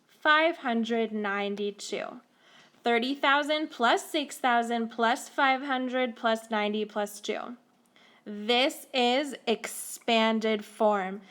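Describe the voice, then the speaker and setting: A woman teacher explaining a math lesson to children slowly and carefully, recorded on a tablet. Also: on the high side, fairly bright tone.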